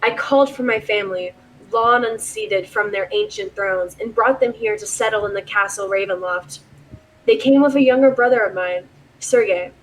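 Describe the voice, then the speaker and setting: A woman voicing a traveling man who reads a dark old journal aloud in a measured, solemn way, without putting on an accent. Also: high voice, slight background noise, poor audio.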